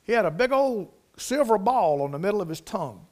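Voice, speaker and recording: Preacher, male, high-pitched, homespun storytelling sermon with loud emphatic peaks. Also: very animated, brisk. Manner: folksy preaching with anecdotes and repetition; rises to emphatic, loud bursts.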